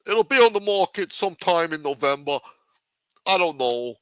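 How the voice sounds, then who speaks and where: A man's voice: a little high, lively intonation, moderate pace, a bit bright, clear, resonant tone, dry recording. A man hosting a livestream, talking in a brash, profane mob boss persona. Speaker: livestream show host.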